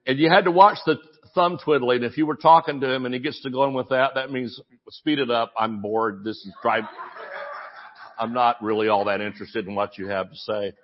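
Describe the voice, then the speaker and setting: A man preaching a sermon as pastor, telling stories with animated asides and mimicking voices in quotes. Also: medium pitch, fast, dull audio.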